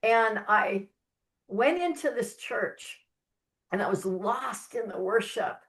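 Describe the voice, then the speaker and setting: A woman author, guesting on a faith podcast, tells her story slowly and deliberately. She speaks with earnest conviction, leaning hard on key words. Her pitch sits in the middle range. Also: animated, fairly bright tone. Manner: earnest, heartfelt testimony with emphatic stresses. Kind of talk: faith-based podcast interview.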